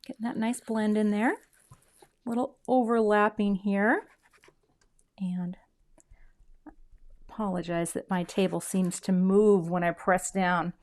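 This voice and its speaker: A middle-aged woman talks through a crafting demo in a casual, chatty way, poking fun at herself. She often trails off into quiet murmurs while she works. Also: medium pitch, steady tone, slow pace, long pauses. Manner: chatty, self-deprecating, drops to soft murmurs while working. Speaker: craft video host.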